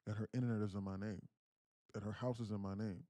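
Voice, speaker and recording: A man's voice: lowish voice, steady tone, quick pace, mellow, dry recording. A man around thirty, a livestream host, earnestly telling a personal family story and often repeating his phrases. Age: 30s. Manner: earnest, candid, repeats himself while recounting. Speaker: day trading livestream host.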